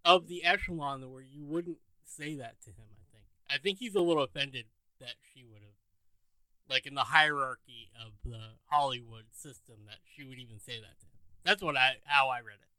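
A man's voice: medium pitch, brisk, sharp tone, rough recording. A man co-hosting a podcast, casually discussing a TV episode and hedging his views, with many "like"s, often trailing off. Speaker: podcast co-host.

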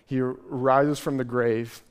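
A male pastor preaching a sermon, retelling scripture in lively, casual voices. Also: medium pitch, slow pace, clear, resonant tone. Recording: long hall reverb.

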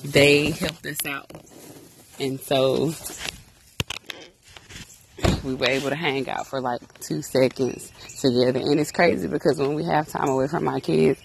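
A woman's voice: sits low, gravelly. A woman hosting a casual, teasing chat from inside a car. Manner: playful, teasing. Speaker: vlog host. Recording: car road noise.

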